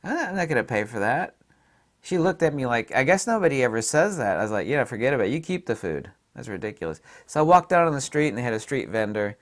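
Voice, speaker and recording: A middle-aged man from the American South, a photography vlogger, tells blunt, casual stories about a trip and laughs at his own punchlines. His mid-range voice is sing-song, and he talks fast.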